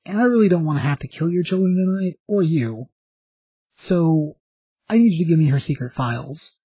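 A man's voice: a little high, expressive, moderate pace, warm tone, breathy edge, dry recording, voice pushed up. A man doing a grim, threatening antihero. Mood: menacing. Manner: threatening, blunt.

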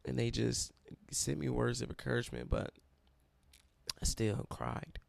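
Near tears, a young man who heads a college Bible study recounts his personal testimony and admits to being dramatic. His mid-range voice swings widely in pitch, has vocal fry, and runs a little slow, with no room sound.

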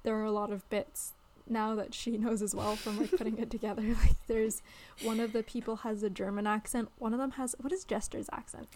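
A chatty young woman co-hosting a casual podcast, her voice sitting a little high. She rambles happily, peppering her sentences with "like" and "um", and laughs easily as she talks. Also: level tone, a little fast, few pauses, mellow, slight background noise. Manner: chatty, laughs often, many likes and ums. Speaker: podcast co-host. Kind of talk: casual chat.

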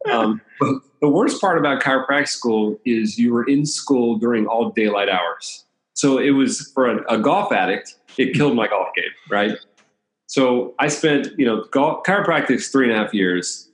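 A talkative man from the Washington, D.C. area recounts his past in a relaxed, storytelling way. His voice sits at an ordinary middle pitch. The room adds a noticeable echo. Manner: chatty, anecdotal, laughs between stories. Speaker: chiropractor. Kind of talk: casual storytelling interview. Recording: roomy echo.

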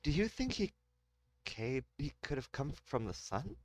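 Guy putting on a high-pitched curious young woman in a homemade sci-fi audio drama, eager questions, dry close sound. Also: big pitch swings, measured pace, no echo. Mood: questioning.

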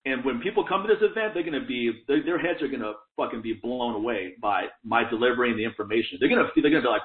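A fast-talking man with a tinny, phone-like sound and an echo around his voice. He talks in a casual, profane, fired-up way, swearing often and laughing between points. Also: medium pitch, lively intonation.

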